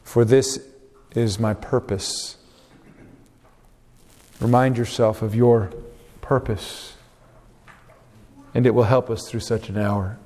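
A man preaching a sermon, dropping his voice low for scripture and rising sharply on questions. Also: fairly even intonation, takes it slowly, long pauses, a little mellow. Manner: swings pitch widely, drops low on quotes, rises on questions. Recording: long reverb of a large hall.

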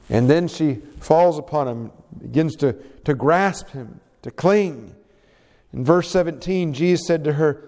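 A man's voice: high voice, unhurried. Dramatic male preacher in a reverberant hall. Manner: dramatic, expressive Bible reading with rising emphasis. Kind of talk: sermon.

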